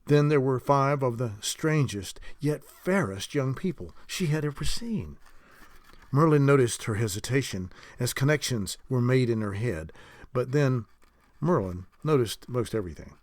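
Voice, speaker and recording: A man narrating a fantasy audiobook chapter in an expressive storytelling way. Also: mid-range voice, unhurried, no room sound.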